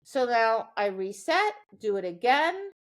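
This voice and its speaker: Woman dog trainer, podcast co-host, chatty explainer, slightly high voice. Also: animated, a little slow. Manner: explanatory, keeps checking in with "right?". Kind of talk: casual podcast chat.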